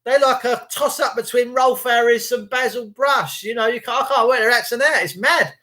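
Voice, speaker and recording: A man's voice: very high voice, normal speed, sharp tone. An English man hosting a livestream, reading out chat comments in a crude, jokey, rambling way. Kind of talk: rambling casual monologue.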